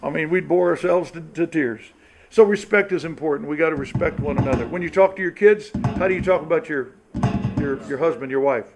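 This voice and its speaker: A man's voice: a little high, brisk, music in the background, low-quality recording. A middle-aged man speaking to a church marrieds group, telling folksy stories with laughs and acted-out quotes. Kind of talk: storytelling sermon talk.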